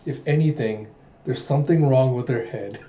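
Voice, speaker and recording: A man hosting a channel reads through a manga casually, retelling scenes and acting out the lines in a mellow, medium-pitched voice at a moderate pace. The audio is muffled and lo-fi, captured in an echoey room.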